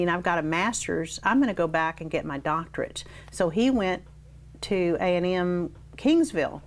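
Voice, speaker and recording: An older woman reminiscing in an oral history interview, telling her stories with animation and acting out the people she quotes. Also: deep voice. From South Texas. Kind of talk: reminiscing storytelling.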